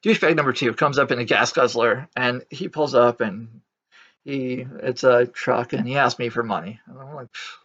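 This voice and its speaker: A man's voice: medium pitch, normal speed, fairly bright tone. A man talking in a casual, reflective vlog, rambling with many fillers and restarts and speaking bluntly. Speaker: Christian vlogger. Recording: dull lo-fi recording.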